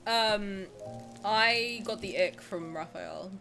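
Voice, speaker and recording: A woman's voice: medium pitch, takes it slowly, vocal fry, loud music behind the voice. A young woman streamer chatting casually and candidly while she plays a game, joking and swearing freely. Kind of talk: casual live-stream chat while gaming.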